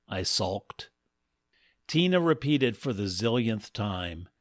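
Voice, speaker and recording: A man telling a comic first-person story in a wry, deadpan manner. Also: fairly low pitch, slow pace, no echo, studio quality. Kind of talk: scripted comic narration.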